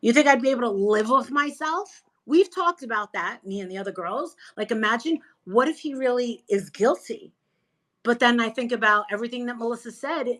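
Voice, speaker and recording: High-voiced, animated gossiping woman. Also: a little fast, rough recording. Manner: animated, emphatic, gossipy storyteller. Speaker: interview guest. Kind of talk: casual chat.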